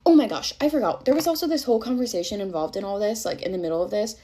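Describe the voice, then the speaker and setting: A woman's voice: mid-range voice, expressive, racing, dark tone. A young woman telling a storytime in casual chat, chatty and exasperated, full of "like" and swearing. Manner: chatty, exasperated, swears freely, heavy use of "like".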